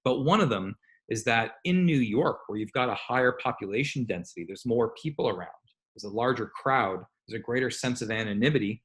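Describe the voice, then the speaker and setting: A man lecturing on psychology online in a conversational way, explaining with examples and asides and often pausing on "um" or correcting himself. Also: mid-range voice, animated, fairly bright tone. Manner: frequent "um" fillers and self-corrections.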